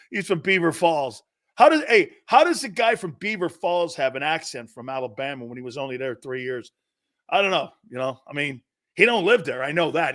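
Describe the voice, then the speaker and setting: A man in his fifties hosts a sports talk show, chatting casually and joking as he reads viewer comments. His voice sits a little high and has a bright, pushing edge. He laughs easily and keeps the energy animated. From northeastern United States. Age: 50s.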